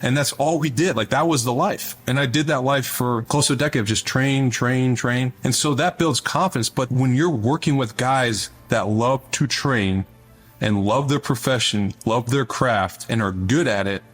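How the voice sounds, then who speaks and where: A man's voice: mid-range voice, moderate pace, slightly rough. Middle-aged guy in an interview, earnest storytelling, restarts a lot, faint music behind. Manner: earnest, conversational, repeats words when starting a thought. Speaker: guest, former Navy SEAL officer.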